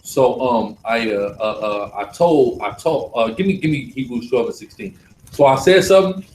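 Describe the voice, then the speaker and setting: Forceful preaching man, echoey room. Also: mid-range voice, moderate pace, a little hiss or hum. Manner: forceful, emphatic, repeats for stress. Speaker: religious class teacher. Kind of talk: live preaching class.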